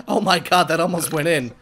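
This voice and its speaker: A young man hosting a casual gaming livestream, excitable and swearing freely between laughs. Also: high voice, slightly rough. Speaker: livestream host.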